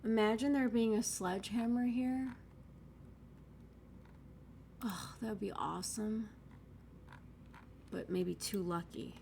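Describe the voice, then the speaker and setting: A woman's voice: mid-range voice, a little slow, creaky, dark tone, a little hiss or hum. A woman giving casual gameplay commentary, chatty and thinking aloud, with sudden exasperated outbursts. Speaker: let's play gamer.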